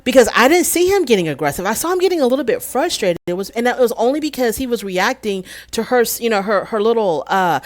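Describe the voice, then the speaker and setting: A woman's voice: on the high side, lively intonation, fast talker, few pauses. A woman hosting her own channel, recapping and reviewing a reality show episode in a chatty, opinionated way with lots of "you know" fillers.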